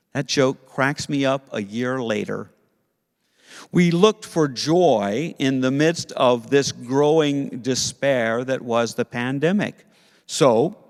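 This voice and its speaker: A man teaching Sunday school to kids, telling a story in a playful, animated way. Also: mid-range voice, in a large hall. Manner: playful, animated storytelling with put-on character voices.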